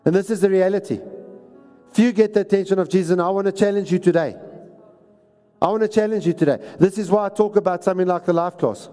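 High-voiced preacher in a hall. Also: male voice, fast, dark tone, faint music behind. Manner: exhorting, repeats phrases for emphasis. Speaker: pastor. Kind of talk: sermon. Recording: reverberant hall recording.

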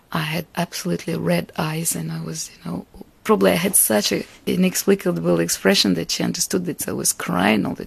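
A woman from Russia, a Russian native speaker, giving an interview about her life and art in an earnest, reflective way, with soft laughs between thoughts. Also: on the low side, gravelly, breathy edge. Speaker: artist and interviewee. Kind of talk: interview answers.

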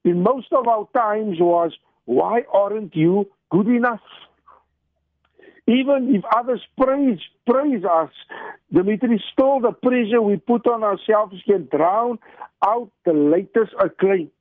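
A man's voice: sits high, no echo. A man, an evangelist speaking as a radio guest over the phone, earnest and repeating phrases for emphasis. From South Africa. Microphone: telephone. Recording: dry tinny phone line.

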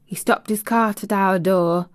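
A woman's voice: medium pitch, steady tone, measured pace, dry recording, studio quality, natural voice. A woman voicing a cheerful, chatty young maid with a broad Yorkshire accent. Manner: broad dialect, eager.

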